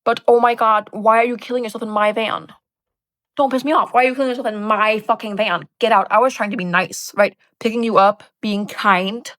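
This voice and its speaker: A young woman vlogging in casual chat, animated and sarcastic, swearing a lot and tagging lines with "like" and "right?". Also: medium pitch, fairly quick, dry recording. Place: bedroom.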